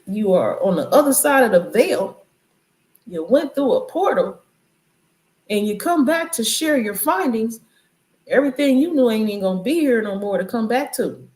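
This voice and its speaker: Woman, AAVE, casual spiritual commentary, mid pitch, roomy echo. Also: a little mellow. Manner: loose, conversational, preachy riffs. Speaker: channel host. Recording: echoey room.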